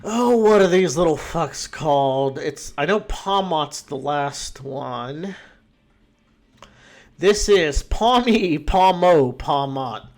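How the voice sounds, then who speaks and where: A man's voice: on the high side, lively intonation, slow pace. A man in casual, rambling commentary, ranking a full list of creatures with frequent swearing and fillers. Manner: laid-back, profane, rambling with fillers. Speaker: podcast host ranking game creatures.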